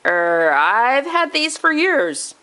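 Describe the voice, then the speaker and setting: A woman's voice: a little high, sing-song, takes it slowly, sharp tone, full character voice. A woman reading a grave, businesslike police officer.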